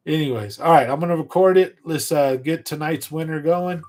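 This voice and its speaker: A man hosting a fishing livestream, casually telling a rambling story from his youth in an animated way and laughing at it. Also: fairly high pitch, a little slow. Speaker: fishing channel livestream host.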